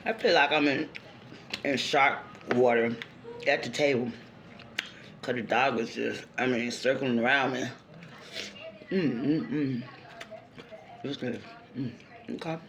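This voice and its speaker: A woman vlogging a meal, talking with her mouth full and murmuring between bites. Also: extremely low pitch. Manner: talks with mouth full between chewing sounds; slow, relaxed, murmured asides. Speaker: mukbang vlogger. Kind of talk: casual talk while eating. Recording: noisy, with clicking sounds.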